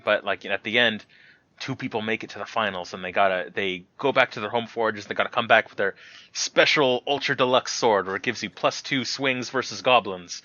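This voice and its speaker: A young man guesting on a casual podcast, telling stories in a lively way and imitating the people he talks about. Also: fairly low pitch, a little fast, no echo, muffled recording. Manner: animated storyteller, mimics people he describes.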